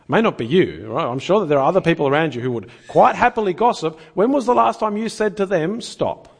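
A male preacher with a somewhat high, husky voice delivers a sermon. His pitch rises and falls a lot as he asks rhetorical questions earnestly and conversationally. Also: animated, fast talker.

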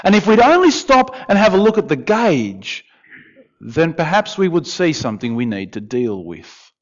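A man preaching a sermon in a conversational, animated way, with asides to the congregation. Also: on the high side, moderate pace. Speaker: pastor. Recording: dull, lo-fi sound.

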